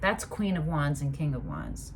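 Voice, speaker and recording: Emphatic, low-pitched woman tarot reader. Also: moderate pace, a little hiss or hum. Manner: emphatic and animated, with swearing and loud outbursts. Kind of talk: casual tarot reading.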